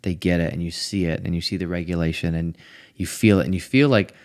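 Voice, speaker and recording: Podcast host guy, very low voice, trips over his words a bit. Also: fairly even intonation. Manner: warm affirming, quick restarts. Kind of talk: casual chat.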